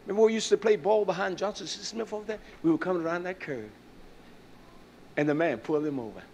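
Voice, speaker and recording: This older pastor's sermon sits high and moves fast, rising to shouted climaxes and dropping into hushed storytelling. He fills gaps with frequent "uh"s, and a faint hiss or hum is audible.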